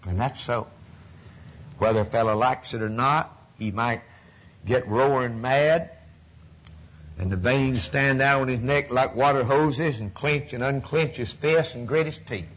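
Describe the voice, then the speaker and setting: A man preaching a sermon in a folksy, repetitive way, swinging from loud declarations to hushed near-whispers. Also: mid-range voice, measured pace, a little hiss or hum.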